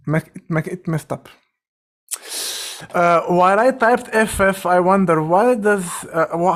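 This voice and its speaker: A man runs a live group coding session, his voice sitting a touch high for a man. He thinks aloud, questions names and fires off quick directions to whoever is typing. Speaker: session facilitator.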